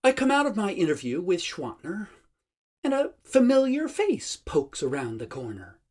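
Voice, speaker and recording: A man's voice: sits high, huge pitch swings, normal speed, darkish tone, slightly rough. A man in his sixties reading his own travel journal aloud in a dramatic, wry manner. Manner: dramatic, wry, savoring each phrase. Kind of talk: expressive reading of a personal journal.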